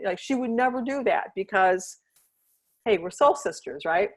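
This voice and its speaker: A woman who trains dogs talks through her podcast in a relaxed, chatty way, with her voice sitting in an ordinary middle pitch. She explains things earnestly and step by step, and she keeps checking in with her listener as she goes. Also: measured pace. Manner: chatty, checks in often with "right?" and "you know what I mean?". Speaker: podcast host and dog trainer. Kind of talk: casual podcast talk.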